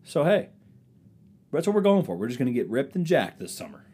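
A man's voice: mid-range voice, sing-song, brisk, warm tone, breathy edge. A young man hosting a solo comedy podcast, rambling and self-mocking, throwing jokey asides to an imagined crowd. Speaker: podcast host.

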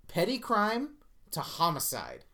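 Animated man telling a story. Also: sits high, a little slow, crowd noise. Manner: animated storyteller who acts out reactions and swears freely. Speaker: podcast host. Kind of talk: casual podcast chat.

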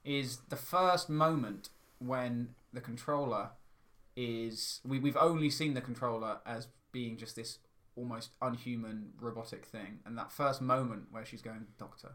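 Bright-voiced man, rambling chat. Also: medium pitch, unhurried. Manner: enthusiastic, rambling with restarts. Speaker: podcast co-host. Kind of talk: casual chat.

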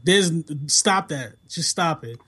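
High-voiced animated man chatting. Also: slow, slightly rough. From half Bajan, family in Toronto. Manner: animated, laughing, emphatic. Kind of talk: casual chat.

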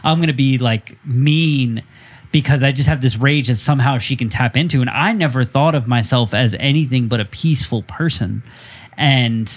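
A man's voice: medium pitch, normal speed. A man in his thirties, a podcast guest, talking candidly and reflectively and saying "like" often. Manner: candid, reflective, heavy use of "like". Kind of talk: casual chat.

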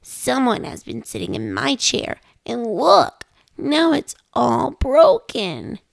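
A woman voicing a small, excited baby bear cub in a storybook reading, high and eager. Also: slow pace, creaky, no echo, full character voice. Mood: upset.

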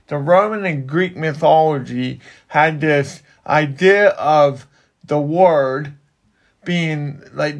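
A man's voice: a little high, creaky. A man who works in ministry, explaining a Bible passage in casual, rambling talk with frequent restarts. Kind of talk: casual Bible study chat.

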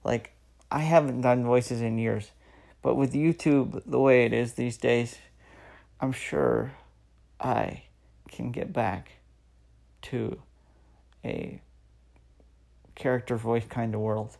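Slow, gravelly man in his thirties. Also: medium pitch, steady tone, darkish tone. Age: 30s. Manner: earnest, encouraging, repeats phrases for emphasis. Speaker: podcast host. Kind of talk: solo motivational podcast talk.

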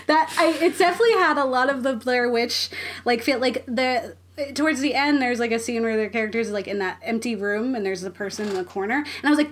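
A woman's voice: sits high, animated, brisk, a bit bright. Giggly woman chatting on a podcast. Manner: giggly, frequent laughter. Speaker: podcast host. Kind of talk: casual chat.

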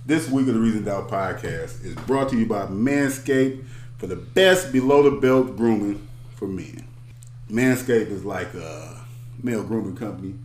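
A man hosting a podcast, telling stories in animated, slangy casual chat and reading an ad in the same loose way. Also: lowish voice, normal speed, reverberant, slight background noise. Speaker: podcast host.

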